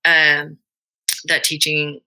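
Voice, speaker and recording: A young woman teacher talking haltingly about her own life in an interview, with many fillers and restarts. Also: low voice, monotone, sharp tone, low-quality recording. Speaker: guest, middle school teacher. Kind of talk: emotional personal interview.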